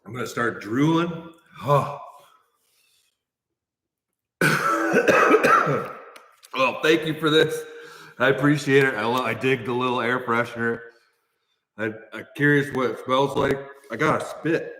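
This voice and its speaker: A man's voice: mid-range voice, normal speed, fairly bright tone. A Midwestern American man hosting a casual livestream, sighing and coughing through spicy jerky while thanking viewers. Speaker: livestream host. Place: large new shop building. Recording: echoey reverberant shop room.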